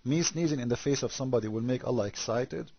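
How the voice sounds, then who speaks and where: A man's voice: medium pitch, fast talker, dull audio, slight background noise. A man whose first language is Arabic, giving sarcastic critical commentary on scripture and firing off rhetorical questions. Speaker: religious debater.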